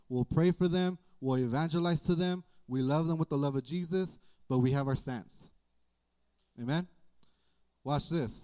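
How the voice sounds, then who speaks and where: A slow, deliberate preacher, a man whose smooth, clear voice sits a touch high for a man. He delivers a folksy, animated sermon full of playful asides. The church audio is dull and lo-fi. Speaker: pastor.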